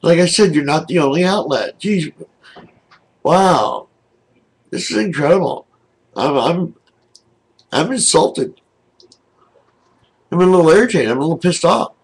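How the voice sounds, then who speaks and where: An older man ranting angrily to his camera from home, indignant and aggrieved, with a husky voice. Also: fairly high pitch, sing-song, a little slow, long pauses, poor audio. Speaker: video blogger. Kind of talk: angry webcam rant. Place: home, seated in a wheelchair.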